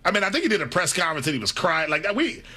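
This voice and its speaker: Bright, husky male co-host, animated. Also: a little high, rapid-fire. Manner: animated, laughs easily. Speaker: sports radio co-host. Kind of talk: sports talk radio.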